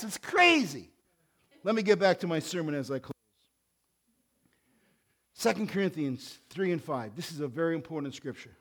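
A man's voice: fairly high pitch, very animated, moderate pace, long pauses. Older man preaching emphatically. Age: 60s. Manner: emphatic preaching that drops to soft conversational asides. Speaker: pastor. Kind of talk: sermon.

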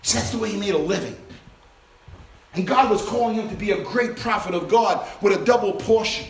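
A man preaching a sermon to a responsive congregation, impassioned and swinging between loud exhortation and hushed intensity. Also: high-pitched, brisk. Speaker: pastor. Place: church sanctuary with congregation. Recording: roomy church reverb.

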